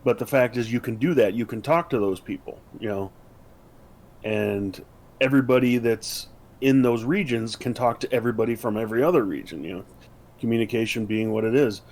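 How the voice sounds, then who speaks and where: A man's voice: medium pitch, brisk, darkish tone. Rambling man in casual podcast chat. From United States. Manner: rambling, many fillers and restarts. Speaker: podcast co-host.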